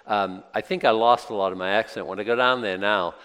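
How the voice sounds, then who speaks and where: A man with a Boston accent teaches from scripture in a loose, folksy way, circling back and restarting his thoughts. His voice sits a bit low, and it carries the long reverb of a large hall. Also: fairly even intonation, brisk, a bit bright, clean tone. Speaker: preacher. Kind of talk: casual Bible teaching.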